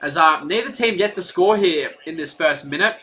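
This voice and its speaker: A man's voice: a little high, moderate pace, pushed and bright. A man giving casual, rambling live play-by-play commentary on a stream, chatty and full of fillers. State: out of breath.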